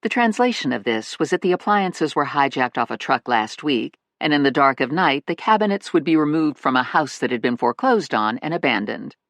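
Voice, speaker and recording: An audiobook narrator giving a wry, lively scripted reading. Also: mid-range voice, fairly quick, few pauses, no room sound.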